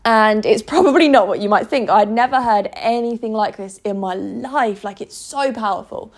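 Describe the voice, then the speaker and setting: A woman's voice: fairly high pitch, moderate pace. A woman talking to camera in an earnest, emotional vlog monologue, often restarting her sentences. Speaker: vlogger.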